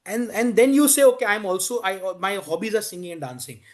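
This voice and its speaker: A man's voice: high-pitched, animated, a little fast. A man with an Indian English accent teaching a class on interview skills in a conversational way, slipping into Hindi. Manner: conversational, switches into Hindi, acts out candidate lines. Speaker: interview coach. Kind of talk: classroom lecture. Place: coaching classroom.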